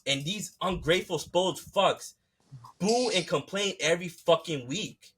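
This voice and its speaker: Heated man, husky and bright. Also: high voice, measured pace. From United States. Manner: fired-up, profane, repetitive ranting. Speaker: podcast host. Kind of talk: heated casual rant.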